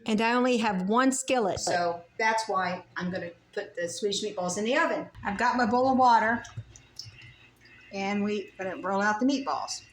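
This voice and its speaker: A woman's voice: mid-range voice, moderate pace, reverberant, low-quality recording. A woman home cook casually talking through a recipe in her kitchen, chatty and thinking aloud as she works. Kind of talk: casual cooking demonstration.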